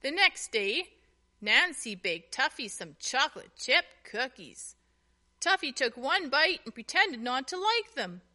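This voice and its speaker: A woman narrates a children's storybook slowly and expressively. Her voice is high and bright, rising and falling in a lively way.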